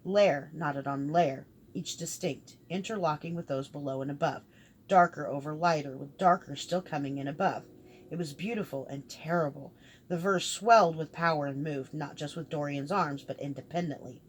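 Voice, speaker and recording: A woman reads a fantasy novel aloud in a fairly low voice, carrying the narration and every character's lines in one steady delivery. A faint background hiss sits under the recording. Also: moderate pace. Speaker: audiobook reader. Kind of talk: scripted narration.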